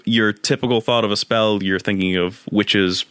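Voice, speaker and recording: A man's voice: on the low side, steady tone, normal speed, a bit bright, dry recording. A man co-hosting a casual book discussion with wry, dry remarks. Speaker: podcast co-host.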